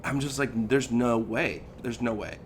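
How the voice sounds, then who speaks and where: A man's voice: mid-range voice, moderate pace, a little hiss or hum. A man in his thirties, a podcast co-host, telling a personal story in casual chat and acting out the lines he quotes. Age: 30s. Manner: animated, acts out quoted lines, says "dude" and "like" a lot.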